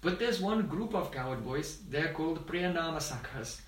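A man giving a devotional talk as a spiritual teacher, telling stories and often pausing to check that his listeners follow. His voice sits fairly high for a man. The sound is roomy, and he is heard from some distance off the mic. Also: animated. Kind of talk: devotional discourse.

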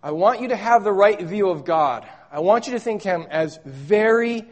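Emphatic pastor preaching with dramatic hushes. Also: male voice, expressive, normal speed, hardly any pauses, highs cut off. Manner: emphatic, swinging between loud stresses and hushed low lines; repeats words for emphasis. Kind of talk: sermon.

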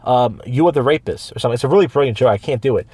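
A male podcast host who also does open mic comedy tells long, rambling stories in casual chat, full of restarts and quoted voices. His mid-range voice is warm with a breathy edge, expressive and rapid-fire. The studio microphone gives it no echo.

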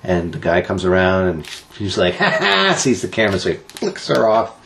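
Low-pitched and moderately paced, with a slight hiss or hum in the recording, he reads strange news items on a laid-back talk show. He tells them with animated, joking energy and ribs his co-host along the way.

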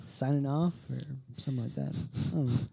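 A man's voice: mid-range voice, fairly quick, creaky, mellow. A man joining a casual podcast chat, eager and agreeable.

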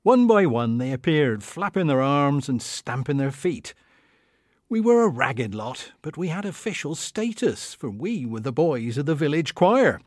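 Lively-voiced man reading a memoir. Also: fairly high pitch, a little slow, no echo, clean studio sound. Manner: warm, evocative reading of a memoir. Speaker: reader. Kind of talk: literary reading.

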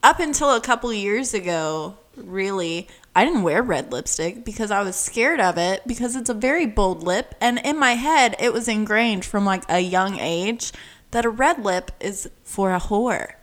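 An animated woman chatting casually as a podcast co-host. She acts out characters' lines, her voice jumping to sudden high squeals before settling back into easy conversation. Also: moderate pace. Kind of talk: casual recap chat.

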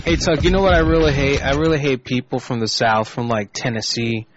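A man's voice: mid-range voice, fairly even intonation, brisk. A man co-hosting a podcast, ranting crudely in casual radio banter and laughing often. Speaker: podcast co-host. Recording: muffled lo-fi podcast audio with faint music.

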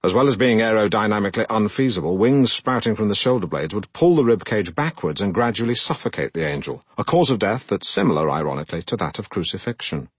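An actor playing a pompous, self-regarding middle-aged broadcaster who narrates his own memoir in a deadpan way. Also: on the low side, fast, hardly any pauses, slightly rough, no echo. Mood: self-important. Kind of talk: comic audiobook narration.

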